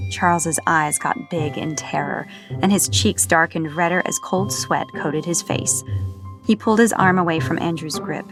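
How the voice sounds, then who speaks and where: A woman narrates a novel in a steady, even storytelling manner. Her voice sits on the low side for a woman, and faint music plays beneath. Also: normal speed. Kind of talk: audiobook narration.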